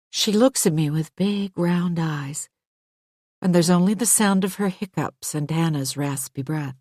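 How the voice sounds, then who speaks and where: A woman narrating a first-person thriller audiobook in a measured, controlled way. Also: low voice, a little mellow, no echo, studio quality.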